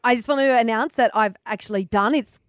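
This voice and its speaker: A woman's voice: a little high, brisk, no room sound, clean studio sound. A woman co-hosting breakfast radio, telling a story in a chatty, laughing way. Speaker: radio co-host. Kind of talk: casual breakfast radio chat.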